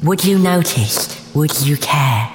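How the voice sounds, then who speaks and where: A mopey, self-pitying university student, played by a young woman in a comedy sketch. Her voice sits low for a woman and stays deadpan and mournful, awkward even when she tries to sound upbeat. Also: slow, faint music behind. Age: young adult.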